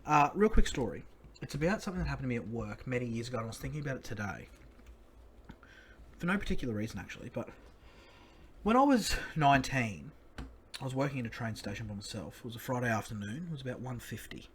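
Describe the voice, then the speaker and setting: Australian man, podcast host, crude yarn-spinner, mid-pitched voice. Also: fast talker, slight background noise. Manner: crude, animated storyteller. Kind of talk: casual sports podcast chat.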